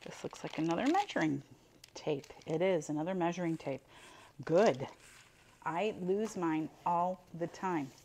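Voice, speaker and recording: A woman's voice: fairly low pitch, expressive, unhurried, a little mellow, a little hiss or hum. An older woman running a casual unboxing chat for her viewers, chatty and exclaiming over each item as she pulls it out. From Buffalo, New York. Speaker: reseller unboxing mystery boxes.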